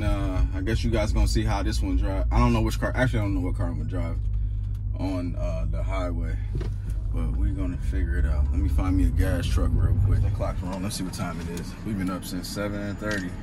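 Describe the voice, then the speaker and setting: A man casually vlogging at a car auction lot, speaking in a laid-back, slangy way and often calling out "man" and "y'all". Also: lowish voice. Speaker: used car dealer vlogger. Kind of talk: casual vlog chat. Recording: outdoor phone recording with noise. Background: cars and outdoor traffic noise.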